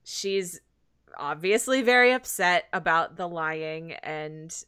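A woman co-hosting a podcast, briskly recapping a TV episode and laughing easily. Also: fairly low pitch, lively intonation, pushed and bright, smooth. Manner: brisk summarizing, quick to laugh. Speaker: podcast co-host.

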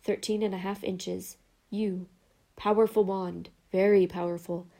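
A woman voicing a soft-spoken, eerie old male wandmaker who talks slowly and quietly, then bursts into excitement. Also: medium pitch, vocal fry. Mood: hushed.

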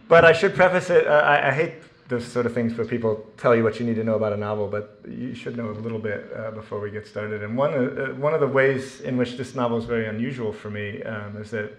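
A man's voice: mid-range voice, a bit bright, reverberant. A man giving a talk before reading from his novel to an audience, self-deprecating and joking, with plenty of ums and restarts. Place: lecture room with an audience.

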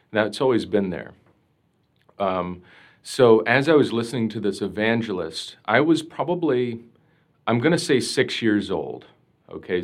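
A man with a somewhat low voice speaks earnestly as a podcast guest, recalling a personal experience. His speech is reflective and heartfelt, peppered with casual "like" fillers and restarts. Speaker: priest, interview guest. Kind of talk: personal storytelling in conversation.

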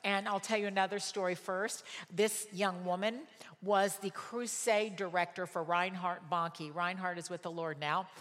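A woman's voice: fairly low pitch, fairly even intonation, normal speed, fairly bright tone. Woman preaching in a reverberant hall. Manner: emphatic, repeats and spells out words for stress. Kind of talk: sermon with personal storytelling.

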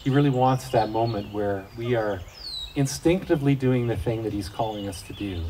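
A middle-aged man with a lowish, mellow voice speaks at a moderate pace, giving a casual devotional talk to fathers. He's a Christian speaker who tells folksy, joking stories about family life. The mic is distant and there's faint outdoor noise.

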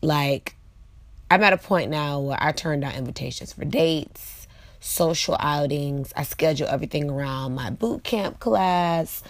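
Late-20s female vlog host, low and a bit gravelly, chatty and direct, dry close sound. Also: a little slow, dry recording. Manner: chatty, frequent fillers, talks to viewers directly. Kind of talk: casual motivational vlog monologue.

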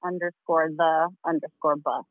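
A woman's voice: deep voice, steady tone, moderate pace, no room sound, narrow, tinny audio. A woman from Queens, a paramedic guest on a casual podcast, chatty and full of "like" and "you know". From Queens, New York.

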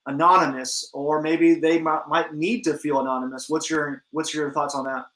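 A man's voice: on the high side, level tone, moderate pace, a bit bright, roomy sound, rough recording. A man hosting a podcast interview, asking questions in a hesitant, thinking-aloud way with many fillers. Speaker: podcast host.

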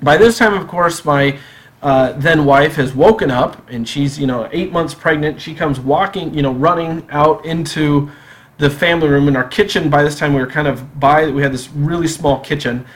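A man telling a personal story on a podcast in a casual, animated way, acting out the dialogue. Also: a little high, moderate pace. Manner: animated, acts out quoted dialogue.

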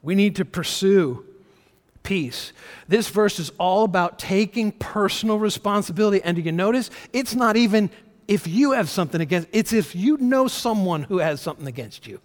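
Man preaching, earnest and conversational, fairly high voice, long hall reverb. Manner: earnest, conversational preaching with swings from loud emphasis to soft. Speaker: pastor. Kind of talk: sermon.

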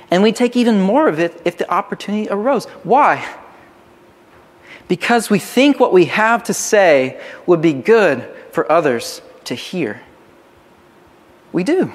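A man's voice: high-pitched, very animated, unhurried, long pauses. A man preaching a sermon as a pastor, conversational and full of restarts. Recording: long hall reverb.

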